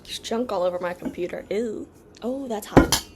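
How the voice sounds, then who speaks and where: A woman from the United States chatting casually at home in a rambling, distracted vlog, clearing her throat now and then and slipping into an odd put-on accent. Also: medium pitch, normal speed, heavy background noise. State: occasional coughing and throat clearing. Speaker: vlogger.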